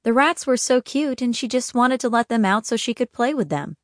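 A woman narrating an audiobook in a gentle, even storytelling manner. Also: on the high side, moderate pace, no echo, clean studio sound. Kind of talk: scripted narration.

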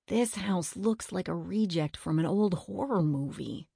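A woman's voice: fairly low pitch, measured pace, vocal fry, dark tone, breathy edge, no room sound, studio quality, full character voice. A woman voicing a nervous, wisecracking young boy who whispers and stammers in a children's storybook.

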